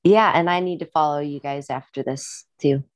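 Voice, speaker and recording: Woman, Midwestern accent, young adult, low-pitched, chatty podcast guest, dry sound. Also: fairly even intonation, normal speed, dry recording. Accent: Midwestern American. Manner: chatty, rambling, upbeat. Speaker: musician and guest. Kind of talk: casual podcast chat.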